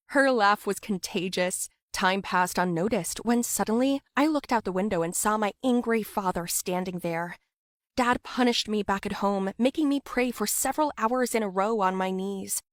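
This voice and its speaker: A young woman giving scripted narration for an animated story. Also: mid-range voice, no room sound, clean studio sound.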